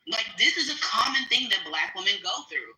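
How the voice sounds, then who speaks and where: Chatty woman, bright voice, echoey kitchen. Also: medium pitch, sing-song, moderate pace. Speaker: guest speaker, military veteran. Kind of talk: casual storytelling on a live stream. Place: home kitchen, cooking while talking.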